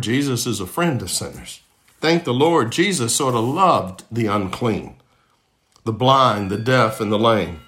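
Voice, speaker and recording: Earnest male pastor preaching. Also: medium pitch. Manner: earnest preaching, rhetorical questions and lists, swings between raised and hushed voice. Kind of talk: sermon.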